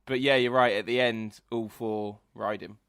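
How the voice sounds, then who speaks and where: A man's voice: mid-range voice, steady tone, normal speed, fairly bright tone, smooth, no echo, clean studio sound. A man co-hosting a podcast, chatting casually in a wry, teasing way. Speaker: podcast co-host. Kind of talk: casual chat.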